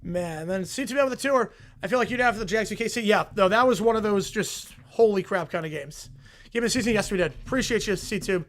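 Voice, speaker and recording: A young man hosting a football reaction livestream from his home desk, reading viewer messages aloud in an excited, rambling way. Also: high-pitched, brisk. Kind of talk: live stream chat reading donations. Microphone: desk mic with headphones.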